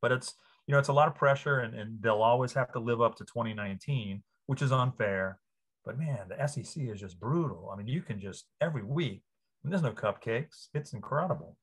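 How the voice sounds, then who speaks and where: A man in his fifties from Louisiana, a sportswriter guest on an interview, telling stories with lively enthusiasm. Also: medium pitch, brisk, slightly rough. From New Orleans area, Louisiana. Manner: enthusiastic, animated storyteller. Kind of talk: casual interview.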